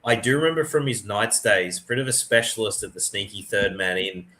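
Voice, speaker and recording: A man's voice: fairly low pitch, expressive, brisk, bright, forceful tone, a little hiss or hum. A man hosting a casual sports podcast, chatty and matey as he gives his analysis. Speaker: podcast host.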